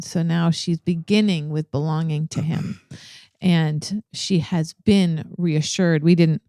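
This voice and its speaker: A woman co-hosting a ministry podcast, talking through a Bible passage in a casual, thoughtful way and pausing often to search for words. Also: deep voice, fairly even intonation, dark tone, clean tone, dry recording, clean studio sound. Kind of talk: casual Bible study discussion.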